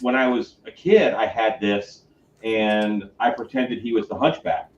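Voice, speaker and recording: A man talks casually and hesitantly, often restarting his sentences. He sounds far from the mic in a roomy space. The audio is dull, lo-fi and faintly noisy. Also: fairly low pitch. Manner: hesitant, halting. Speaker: guest on a live stream. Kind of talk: casual chat. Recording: distant echoey lo-fi mic.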